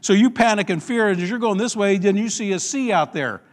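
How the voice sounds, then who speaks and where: A male pastor preaching a sermon, telling a story with lively call-and-response questions to the congregation. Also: high voice, brisk.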